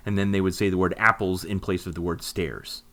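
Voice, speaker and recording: A man's voice: low-pitched, steady tone, fairly quick, bright, forceful tone. A man co-hosting a podcast, explaining things in a rambling casual way with many fillers. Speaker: podcast co-host.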